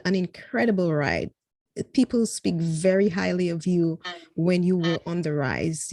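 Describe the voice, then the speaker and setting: A woman's voice: mid-range voice, warm tone, no echo. A woman hosting an interview, asking questions in an effusive, emotional way with many restarts. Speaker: interview host. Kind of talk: interview conversation.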